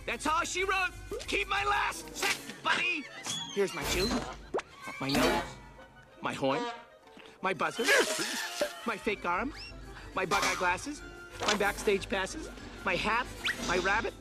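Loud, high, swooping cartoon clown with a wisecracking rant, over loud film music. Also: male voice, very animated, full character voice. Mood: mocking. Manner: loud rapid comic rant, shouting. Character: brash wisecracking male circus clown quitting.

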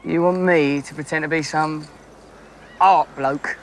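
An actor playing a cocky, boastful young con man with cheeky, quick patter. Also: a little high, steady tone, slight background noise. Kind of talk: film acting.

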